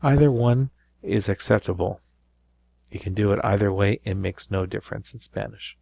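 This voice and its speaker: A man with a low voice explains grammar in a recorded lesson. He walks through each point patiently, often pausing to ask "right?". The sound is close and dry. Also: creaky, a little mellow, no echo. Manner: explanatory, repeats with frequent "right?". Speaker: Spanish teacher.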